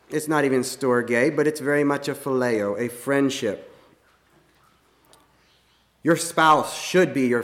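A man preaching a sermon in an earnest, plain-spoken way, often pausing and restarting his sentences. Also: mid-range voice, a bit bright. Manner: halting, many restarts and fillers.

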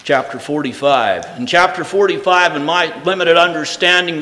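A man's voice: on the high side, normal speed, hardly any pauses. Impassioned preacher man in a reverberant hall. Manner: swings from loud emphatic proclamation to soft, intimate speech; reads scripture aloud in old-fashioned wording. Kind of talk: sermon.

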